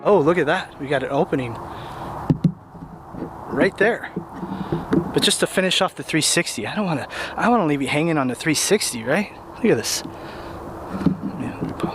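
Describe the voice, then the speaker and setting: A man vlogging as he walks through a city park, chatty and excited, rambling as he films on a handheld camera. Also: a little high, fairly quick, long pauses, loud music behind the voice. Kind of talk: casual walking tour narration.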